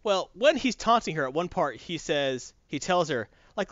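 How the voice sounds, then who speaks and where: A man's voice: fairly high pitch, dry recording. A man casually retelling a story, acting out the characters' lines as he goes, on a dry lo-fi recording. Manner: animated, acts out characters' lines in quick voices. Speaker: storyteller recapping a show. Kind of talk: casual retelling with acted quotes.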